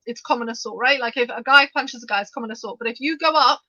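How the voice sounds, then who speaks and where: A woman co-hosting a podcast, talking fast and animatedly in bursts, with frequent restarts as she discusses the news. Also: on the high side, pushed and bright, no echo. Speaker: podcast co-host. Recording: dull, dry lo-fi sound.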